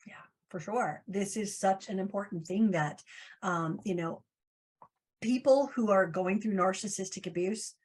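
A woman's voice: medium pitch, unhurried, a little mellow, husky. A woman hosting an interview, asking questions hesitantly, with fillers and a frequent "mm-hmm". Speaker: interview host. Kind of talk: conversational interview.

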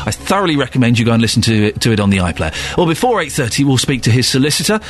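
Fast-talking joking male radio presenter. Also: medium pitch, very animated. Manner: joking, teasing, quick asides. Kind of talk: live radio banter and news links.

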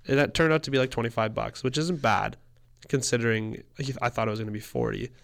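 A man's voice: mid-range voice, quick pace, gravelly, a bit bright, a little hiss or hum. A man, co-hosting a casual chat and telling a long story in a rambling way, laughing often and swearing. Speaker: podcast co-host.

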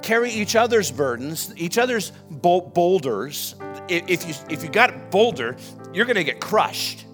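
A man preaching a sermon as pastor, building animated emphasis as he goes. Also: high-pitched, normal speed, soft background music. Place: church.

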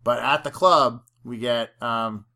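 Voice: mid-range voice, takes it slowly, sharp tone. A podcast co-host in a casual film discussion, chatting and recounting the plot with quoted lines.

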